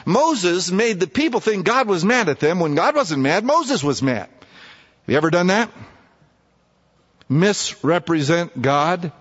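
A man's voice: high voice, very animated, a little slow, a bit bright, husky. A man preaching a sermon in a folksy way, acting out scripture characters in casual, everyday voices. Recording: muffled, echoey hall.

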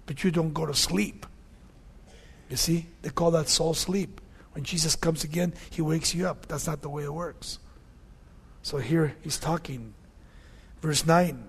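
This pastor's voice is fairly high, gravelly and slightly rough, a little slow, with frequent pauses. Preaching verse by verse, he addresses listeners conversationally, keeps asking "you see?", and alternates loud readings with quiet asides.

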